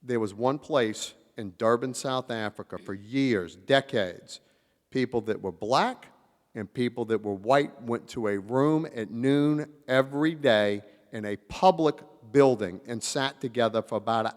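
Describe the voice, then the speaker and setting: A man telling lively stories to a convention audience, acting out the voices of the people in them. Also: medium pitch. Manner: animated storyteller, acts out quotes, drawls "y'all". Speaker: convention panel speaker. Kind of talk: storytelling talk to a live audience. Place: large convention hall. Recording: reverberant convention hall.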